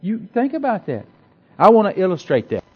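A man delivers a folksy sermon with a notably high voice, circling back and repeating his points in a loose, conversational way. The recording is dull and lo-fi, with muffled highs. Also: wildly swooping pitch, brisk, husky. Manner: folksy, repetitive, conversational preaching with many restarts. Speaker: preacher. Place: church hall with a congregation.

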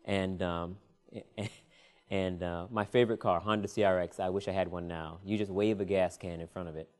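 Animated preacher man telling a story. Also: low voice, normal speed. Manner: animated, laughing, call-and-response "Amen". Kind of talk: storytelling sermon.

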